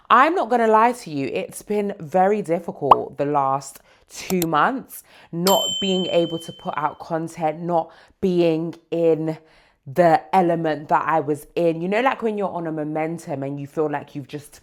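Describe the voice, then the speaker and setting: A woman hosting her own show, talking to camera with excited, emphatic gratitude and preaching about faith. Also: deep voice. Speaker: host. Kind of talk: casual monologue to camera.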